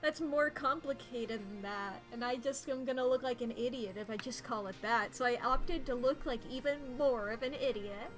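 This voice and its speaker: A woman's voice: on the high side, moderate pace, few pauses, faint music behind. Rambling, giggly woman game streamer. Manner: rambling, self-deprecating, giggly asides. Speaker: streamer playing a story game. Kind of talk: casual game commentary, reading dialogue aloud.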